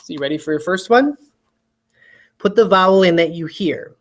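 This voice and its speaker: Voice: medium pitch, normal speed. An adult spelling teacher giving a recorded video lesson, patiently repeating each word twice and checking in with students.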